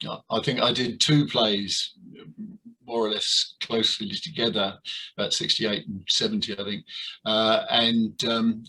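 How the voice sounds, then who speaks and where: An older man being interviewed about his years in amateur theatre, talking with many pauses, fillers and restarts. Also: on the low side, flat delivery, bright, forceful tone, slight background noise, rough recording. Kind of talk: reminiscing interview.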